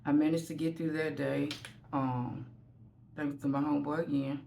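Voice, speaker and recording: A woman's voice: sits low, little pitch movement, normal speed, gravelly, warm tone, a little hiss or hum. A woman vlogger telling a candid, rambling story from home while getting ready. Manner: candid, rambling, self-deprecating.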